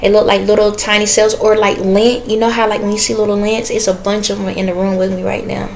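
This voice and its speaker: A woman's voice: mid-range voice, level tone, quick pace, vocal fry, slight background noise. A woman talking in a casual spiritual vlog, rambling and chatty, stopping now and then to listen before speaking to her viewers. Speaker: spiritual reader.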